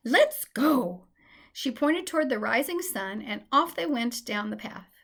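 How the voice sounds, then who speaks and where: A woman reading a children's storybook aloud in a gentle, expressive way. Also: fairly high pitch, moderate pace, vocal fry.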